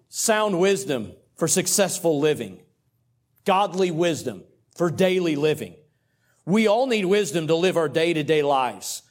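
A middle-aged man, a pastor and coach preaching a sermon through a personal story in a conversational, animated way. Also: on the high side. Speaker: pastor and cross-country coach.

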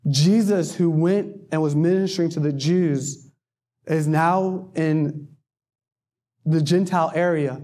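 A man preaches a sermon in a high, light voice. He tells the story in a homely, rambling manner, drifting into joking asides before he returns to the text. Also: slow, dark tone. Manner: folksy, digressive, joking asides.

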